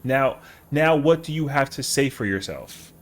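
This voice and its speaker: A man's voice: medium pitch, lively intonation, measured pace. A man streaming a game live, chatting casually with viewers in a rambling, slangy way. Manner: rambling, slangy, answers chat.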